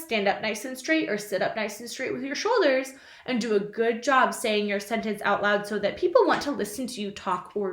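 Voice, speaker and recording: A fairly high-voiced young woman teaching little kids from home, spelling out each sentence slowly and now and then dropping into a playful silly voice. Her voice rings around an echoey room. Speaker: kindergarten teacher. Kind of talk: remote lesson to young children.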